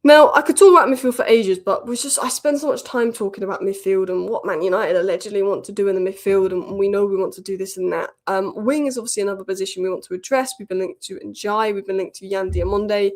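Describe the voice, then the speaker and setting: A woman hosting a football news channel, giving casual, opinionated commentary with quick asides. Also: mid-range voice, steady tone, darkish tone.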